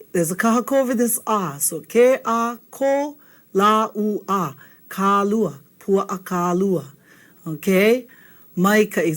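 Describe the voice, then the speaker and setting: Hawaii-woman teacher, patient, keeps saying okay, middle pitch. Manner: patient, checks in with frequent "okay?". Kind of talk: video language lesson.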